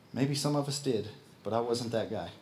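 A man with a Midwestern American accent preaching a sermon as pastor, folksy and quick to laugh at himself. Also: mid-range voice, darkish tone, a little hiss or hum.

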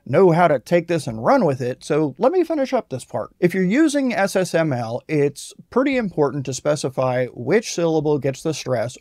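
Man, tutorial voice-over, plain explanatory tone, a bit high-pitched, dry close recording. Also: darkish tone, dry recording. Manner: plain, explanatory, self-deprecating. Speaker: tutorial host.

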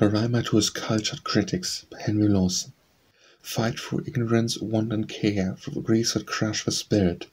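A man reads poetry aloud for an audiobook with a low, slightly husky voice. He keeps his delivery even and unvaried, moving through the verses at a steady, measured pace. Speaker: audiobook reader. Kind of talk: poetry recitation.

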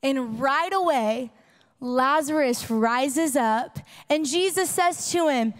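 A woman's voice: sits high, slow pace, long reverb tail. A woman youth pastor giving a sermon, chatty and conversational, acting out quoted dialogue and rising to passionate preaching. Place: church hall.

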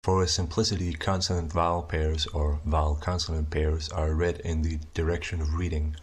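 A young man narrating a scripted explanation of his invented writing system, measured and methodical, slowing down to sound out each example. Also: a bass voice, flat delivery, breathy edge. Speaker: conlang creator presenting his language.

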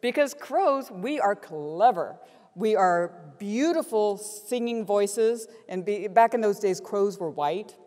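A middle-aged woman giving a keynote address in a large conference hall, earnest and lively as she tells a story. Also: medium pitch, takes it slowly. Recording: long reverb of a conference hall.

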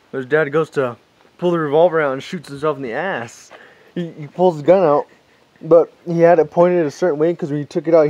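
A man telling a rambling, profane story with frequent laughter. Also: on the high side. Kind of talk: casual anecdote.

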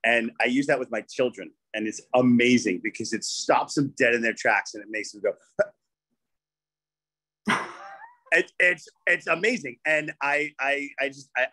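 A man's voice: medium pitch, normal speed, sharp tone, no room sound. A man calling in to a training group, thankful and tripping over his words with restarts. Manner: grateful, stumbling restarts. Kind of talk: casual chat.

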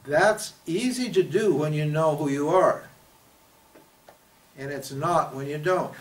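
A man's voice: fairly high pitch, takes it slowly. A man giving a spiritual teaching talk in a conversational way, often asking his listeners questions and acting out the prayers people make. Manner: conversational, asks the audience questions, acts out quoted prayers. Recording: voice picked up from a distance.

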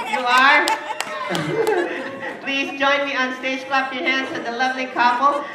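A woman's voice: sits high, slow, noisy background. Playful Filipino woman doing a party magic show. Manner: playful, teasing, coaxing children. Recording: echoey party hall, far from mic, music and crowd.

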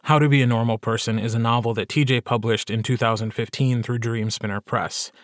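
A man hosting a podcast, giving clear, scripted narration that explains and links the stories. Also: mid-range voice, fairly even intonation, a little fast, dry recording, clean studio sound. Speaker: podcast host.

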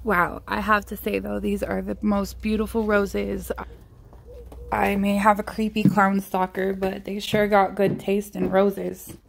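A woman's voice: medium pitch, level tone, a little slow, creaky. A woman vlogging a staged scare, giggling and exclaiming breathlessly in mock fright. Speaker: family vlogger. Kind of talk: staged prank vlog.

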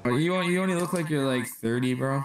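A man's voice: fairly high pitch, brisk, a crowd in the background. A man chatting hyped and joking with a stranger over video chat. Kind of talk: casual chat. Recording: echoey room, faint music behind.

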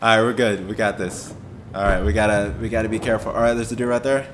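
A young man runs a gaming video, chatting casually through the play in a jumpy, excitable manner, yelping and swearing often. His voice sits on the low side and moves fast, with heavy noise in the background.

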